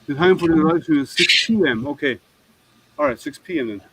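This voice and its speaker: A man's voice: a little high, animated, fairly quick, a bit bright, husky, rough recording. A man hosting a casual livestream hangout from home, rambling and thinking aloud with plenty of ums, talking over an online call mic. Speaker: livestream host.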